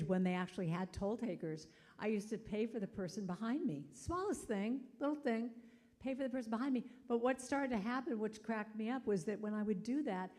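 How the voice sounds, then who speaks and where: Woman guest speaker with a warm, mellow tone, chatty and animated, storytelling from the pulpit. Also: on the high side. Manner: conversational and animated, acting out the people in her stories. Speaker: guest speaker at a spiritual center service. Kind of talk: inspirational talk with storytelling.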